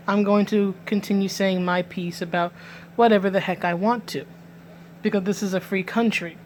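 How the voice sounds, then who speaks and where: A woman's voice: mid-range voice, slight background noise. A woman from New York City with a New York accent, giving emphatic, indignant vlog commentary and often restarting her words. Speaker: vlogger. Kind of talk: direct-to-camera commentary.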